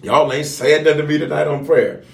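A man's voice: on the high side, flat delivery, fairly quick, gravelly. Preaching man in an echoey room. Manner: preacherly, repeats phrases, calls for responses from viewers. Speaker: pastor leading online prayer. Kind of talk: livestream sermon and prayer teaching.

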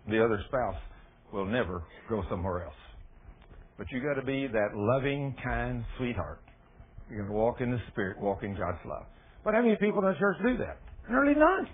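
A man's voice: mid-range voice, breathy edge. A man preaching a sermon in a folksy, storytelling way with plain dialect grammar. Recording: tinny phone-like radio broadcast.

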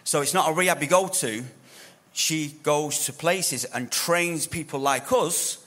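Bright-voiced man introducing a speaker. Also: a little high, measured pace, long reverb tail. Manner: relaxed and joking. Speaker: church leader introducing a speaker.

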